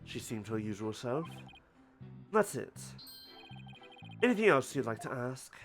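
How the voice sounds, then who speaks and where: Man doing a haughty young student, pompous, lively swoops, reading a game aloud. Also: mid-range voice, a little slow, soft background music.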